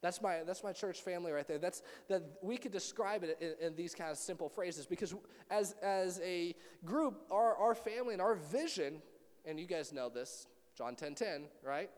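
A young man preaching to a youth group, telling family stories in a lively way and acting out the voices of the people in them. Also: high-pitched, normal speed, in a large hall. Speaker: youth pastor.

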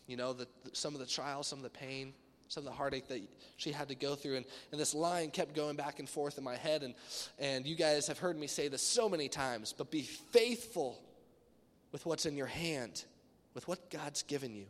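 A man preaching a casual sermon, rambling a little and acting out lively quotes. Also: on the high side, moderate pace, big-room sound. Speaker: pastor.

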